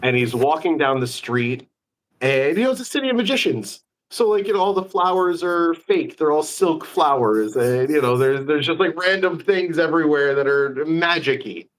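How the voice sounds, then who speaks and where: A man hosting a casual live-stream interview, an animated storyteller full of quick asides. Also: fairly high pitch. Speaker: magician, host.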